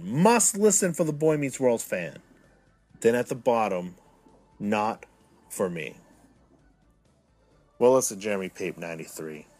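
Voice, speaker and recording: A man's voice: medium pitch, dry recording. A man in his thirties hosting a solo podcast, hamming up his moods, sliding from self-pitying mumbles to indignant outbursts. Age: 30s. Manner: mock-dramatic, swinging from self-pitying to indignant. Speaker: podcast host.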